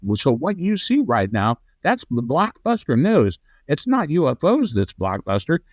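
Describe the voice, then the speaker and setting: A man guest on a podcast, telling a rambling story and getting animated when he quotes others. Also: fairly high pitch, normal speed, no room sound. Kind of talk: conversational storytelling.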